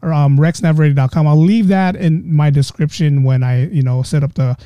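A middle-aged man from the Bay Area hosting a casual podcast interview, effusive with thanks and quick to laugh. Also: fairly high pitch, steady tone, dark tone, clean tone, dry recording. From San Francisco Bay Area. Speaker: podcast host.

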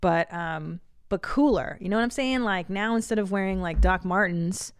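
A woman in her forties hosts a podcast with a loose, comedic monologue. She swears freely, chats breezily and breaks into laughter. Her voice sits at a middle pitch and is recorded close and dry. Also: moderate pace, clean tone, no room sound. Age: 40s. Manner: profane, chatty, laughs often. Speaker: podcast host.

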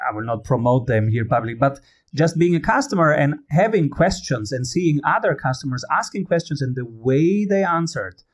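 A man from Italy, hosting a casual interview in a conversational way, with slightly phrasing. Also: mid-range voice. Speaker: podcast host.

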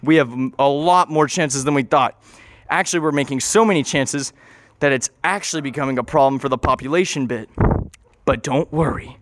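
A man's voice: medium pitch, fairly quick, fairly bright tone. A young man telling a goofy, rambling improvised story, interrupting and correcting himself as he goes.

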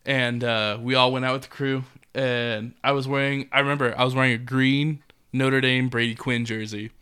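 A man's voice: medium pitch, fairly even intonation, normal speed, pushed and bright, clear, resonant tone. A young man casually telling a rambling drinking story, swearing and laughing along the way. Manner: laid-back, swearing, laughs mid-story.

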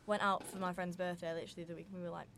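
A young woman from the north of England speaks with a clear northern accent. She talks fast and rambles, piling up fillers as she chats. Faint room ambience hums behind her. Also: fairly low pitch, little pitch movement, fairly bright tone, a little hiss or hum. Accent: northern English. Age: young adult. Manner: chatty, filler-heavy, rambling. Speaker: podcast guest, student. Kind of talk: casual chat.

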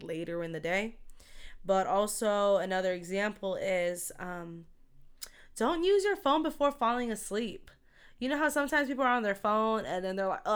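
A woman's voice: mid-range voice, clean tone. Chatty woman co-host. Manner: chatty, laughs often, talks fast. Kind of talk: casual chat.

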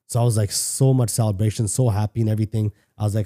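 A middle-aged man from Canada recounts a personal story on a podcast in a low, very mellow voice. He talks candidly, swears freely and often stops and restarts his sentences. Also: fairly even intonation, fast. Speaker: podcast guest. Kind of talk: casual storytelling.

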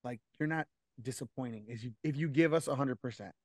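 A man's voice: mid-range voice, quick pace, dry recording. Earnest man co-host, dry close sound. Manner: earnest, repeats words while searching for phrasing. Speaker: wrestling coach and podcast co-host. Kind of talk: casual podcast chat.

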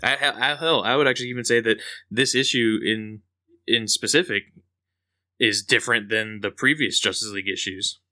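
Bright-voiced laid-back male podcast host. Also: lowish voice, moderate pace. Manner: laid-back, chuckling, joking. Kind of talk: casual comic book podcast chat.

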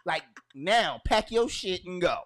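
A man co-hosting a casual podcast, his pitch swinging widely as he rants. He tells stories in a loud, profane, animated way. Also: measured pace. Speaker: podcast co-host. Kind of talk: casual banter.

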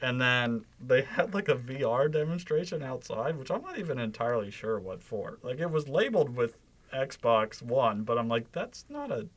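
A man's voice: mid-range voice, expressive, moderate pace. A young man co-hosting a casual podcast, telling a rambling, amused story with lots of fillers. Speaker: podcast co-host. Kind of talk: casual chat.

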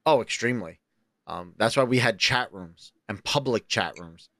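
A man from New York co-hosting a podcast, telling stories in a loose, animated, profane way and jumping into high excited voices when he quotes himself. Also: moderate pace, dry recording, studio quality. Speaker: podcast co-host. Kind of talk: casual chat, storytelling.

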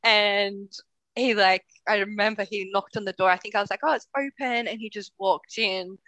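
A woman's voice: mid-range voice, fairly even intonation, fairly quick, a bit bright, no room sound. A young woman, co-hosting a podcast and telling personal stories in a candid, casual way, swearing freely and laughing as she talks. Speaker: podcast co-host. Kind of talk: casual storytelling chat.

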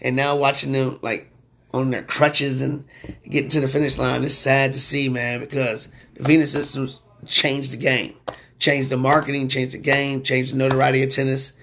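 A man hosts a casual sports talk show in a loose, slangy style. His voice sits at a medium pitch. He often jumps higher and louder when something fires him up. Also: moderate pace, a little hiss or hum. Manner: animated, slangy, excitable when ranting. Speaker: sports podcast host.

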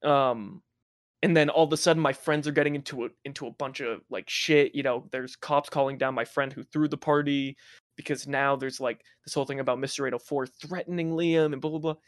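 A young man casually telling a wild high school story, swearing often and laughing between lines. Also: a little fast, no echo, studio quality. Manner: profane, laughing, animated anecdote telling.

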